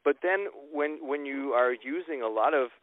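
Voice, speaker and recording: A man's voice: mid-range voice, normal speed. A man hosting an interview, thinking aloud and restarting his sentences as he reflects. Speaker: host. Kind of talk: interview conversation. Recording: tinny phone-like line, dry.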